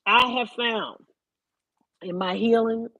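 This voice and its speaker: A woman ranting on a live stream, profane, animated and emphatic. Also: a little high, takes it slowly, dry recording, muffled recording. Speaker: vlogger.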